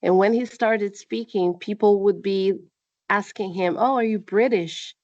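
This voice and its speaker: A woman's voice: mid-range voice, unhurried, darkish tone, no echo. A woman from Brazil interviewing a guest, asking long, thoughtful questions on a video call. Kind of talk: casual interview chat. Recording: dull, dry video-call audio.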